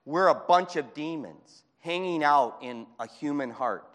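A man preaching a fervent sermon in a church, moving between shouting and hushed speech. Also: fairly high pitch, animated, a little slow. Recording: long hall reverb.

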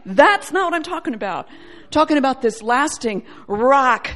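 A woman preaches a sermon at an unhurried pace, animated and acting out quoted voices. She swings between loud, ringing passages and soft, low ones.

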